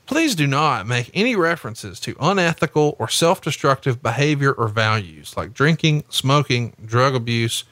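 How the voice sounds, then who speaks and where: A man's voice: mid-range voice, sharp tone, no room sound. A man co-hosting a podcast in casual chat, profane and wisecracking, reading rules in a mock-formal tone. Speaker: podcast co-host.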